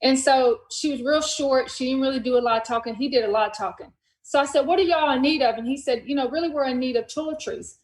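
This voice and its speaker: Talking fast with few pauses, a woman with a high voice hosts a podcast and retells a story in an animated, casual way, voicing the dialogue in quotes. The reverberant recording is low-quality.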